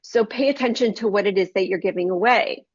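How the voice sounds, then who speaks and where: In a medium-pitched voice at a fairly quick pace, a Christian book reviewer earnestly recounts a personal devotional story to her listeners. The sound is dry, close-miked and a little dull and lo-fi.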